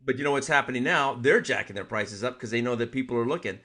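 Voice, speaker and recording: A man's voice: mid-range voice, fast, bright, forceful tone. Chatty man venting in casual talk. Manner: chatty, exasperated storytelling. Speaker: martial arts podcast co-host. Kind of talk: casual chat.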